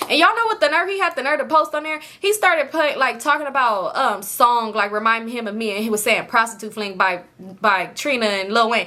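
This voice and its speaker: A young woman, telling a story to her viewers in an animated, profane, casual way. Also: on the high side, a little fast. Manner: animated, profane, quotes people in lively voices.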